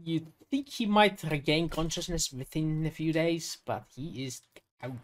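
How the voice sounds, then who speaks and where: A man running a tabletop game as game master, narrating with hesitant pauses and fillers. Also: fairly high pitch, lively intonation.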